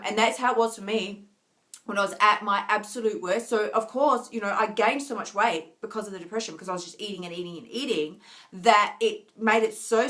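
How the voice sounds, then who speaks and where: Earnest, weary woman on a live stream. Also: fairly high pitch. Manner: earnest and emotional, with many restarts and soft laughs. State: tired, near tears. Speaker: wellness coach. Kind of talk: live stream talk to viewers.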